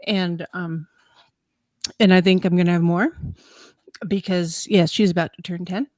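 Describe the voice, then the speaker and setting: A woman's voice: on the low side, measured pace, no room sound. A woman in her thirties chatting casually as a podcast co-host, telling stories with laughs and acted-out quotes. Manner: animated, laughing storyteller who acts out quotes. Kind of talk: casual chat, storytelling.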